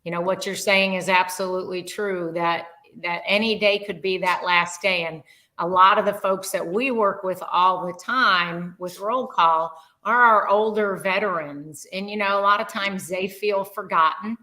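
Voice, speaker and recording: On a rough recording, an older woman appearing as a podcast guest tells a heartfelt story in earnest, rambling, casual fashion, using lots of fillers. Her medium-pitched voice is bright and forceful, with fairly even intonation and a moderate pace.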